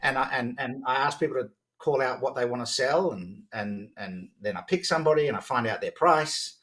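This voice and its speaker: A man in his fifties with a voice that sits at an ordinary middle pitch, talking as a podcast guest. He tells stories in an animated, conversational way and keeps breaking off to restart his sentences. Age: 50s. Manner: animated, quick to act out dialogue, frequent restarts. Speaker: podcast guest, sales strategist. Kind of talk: conversational storytelling.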